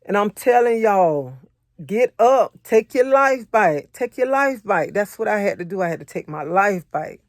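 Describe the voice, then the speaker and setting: A woman's voice: medium pitch, animated, measured pace, no echo, clean studio sound. Earnest woman giving a faith talk. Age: adult, married. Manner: repetitive, earnest, conversational preaching; personal testimony in casual vernacular. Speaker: faith encourager.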